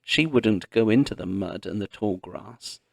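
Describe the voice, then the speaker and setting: A man narrating a children's historical story in a deliberate read-along style. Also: on the low side, vocal fry, no echo, clean studio sound. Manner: slow, deliberate reading.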